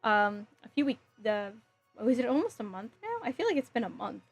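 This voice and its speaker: A woman with a slightly high voice chats casually on a live stream from home, giggling often and thinking out loud as she reads comments. Faint music plays quietly behind her. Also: lively intonation, fairly quick. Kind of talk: casual live-stream chat, reading chat aloud.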